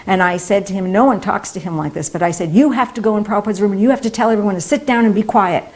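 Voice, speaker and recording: A woman's voice: medium pitch, very fast, darkish tone. A woman speaker at a temple talk, telling a personal story in an earnest way and acting out the voices she quotes. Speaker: devotee speaker.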